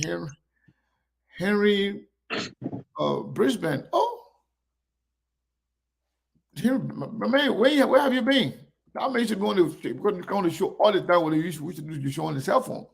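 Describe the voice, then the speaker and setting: Gravelly host greeting viewers. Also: male voice, high voice, expressive, moderate pace, long pauses. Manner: warmly greets viewers by name, one after another. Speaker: online show host. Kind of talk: casual live-stream chat.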